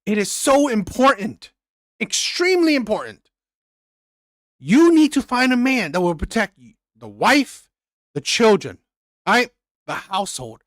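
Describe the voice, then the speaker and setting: A man's voice: high-pitched, sing-song, measured pace, pauses often, dry recording, clean studio sound. A man hosting a reaction channel, giving blunt, emphatic commentary and repeating his points with some swearing.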